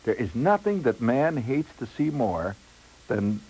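A middle-aged radio storyteller tells a comic first-person story, wry and rambling with lots of asides. His mid-range voice is darkish and slightly rough, very animated but unhurried, on a low-quality recording.

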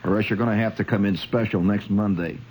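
A man voicing a gruff, brusque big-city motorcycle cop who talks in clipped, bossy bursts. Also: lowish voice, fairly even intonation, fast, a little mellow, slight background noise, voice pushed down, close to an everyday voice, low-quality recording. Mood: lecturing.

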